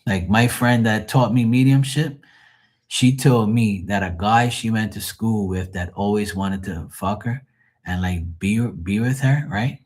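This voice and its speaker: A man's voice: on the low side, unhurried, darkish tone. A man hosting a late-night live tarot stream, telling stories in a rambling, profane way and laughing at them. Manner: laughs often at his own stories. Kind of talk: late-night livestream storytelling.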